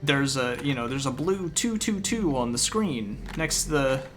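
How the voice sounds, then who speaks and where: A man's voice: medium pitch, lively intonation, measured pace, a bit bright, faint music behind. A man streaming a game, recapping his frustration in a rambling, exasperated way, often acting out his own thoughts. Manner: rambling with fillers and repeated phrases. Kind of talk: casual ranting recap of a game.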